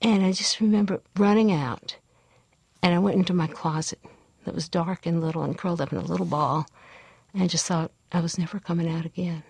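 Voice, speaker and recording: Older Southern-raised woman, reflective storyteller, husky and a touch low-voiced. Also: fairly even intonation, darkish tone, no room sound. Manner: reflective, unhurried recollection. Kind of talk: personal storytelling.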